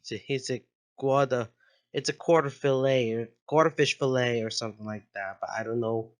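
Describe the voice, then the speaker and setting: A man's voice: medium pitch, fairly even intonation, brisk. Giggly man rambling to his channel. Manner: giggly, goes off on tangents, corrects himself. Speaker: channel host. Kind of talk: casual rambling commentary.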